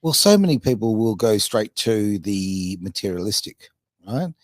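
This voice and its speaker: A man's voice: lowish voice, sing-song, moderate pace, no room sound, studio quality. A man, hosting a casual podcast chat, talking in a chatty, self-mocking way with lots of fillers. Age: 50s. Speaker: radio podcast host.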